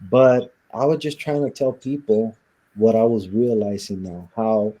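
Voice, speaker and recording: Man, interview guest, husky, low-pitched, dark mellow tone, earnest storyteller. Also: fairly even intonation, unhurried, rough recording. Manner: earnest, reflective, acts out quoted voices. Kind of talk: conversational storytelling.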